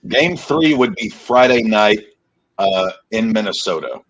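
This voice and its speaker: A man co-hosting a sports podcast, relaxed, tossing in play-by-play updates between banter. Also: on the low side, unhurried, low-quality recording. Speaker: podcast co-host. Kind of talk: casual sports chat with play-by-play calls.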